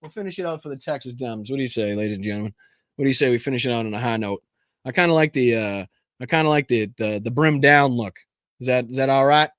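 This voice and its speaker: A male political show host rambling through a casual livestream in a mid-pitched voice. He swears freely and keeps restarting half-finished phrases. The sound is dry and close, with no room around it. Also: quick pace, fairly bright tone, no echo.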